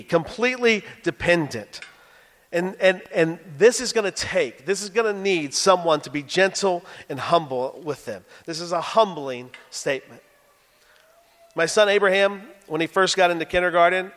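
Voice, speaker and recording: A man's voice: high voice, a bit bright, long reverb tail. A male pastor in his thirties giving a sermon, telling stories with self-deprecating humor. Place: church sanctuary.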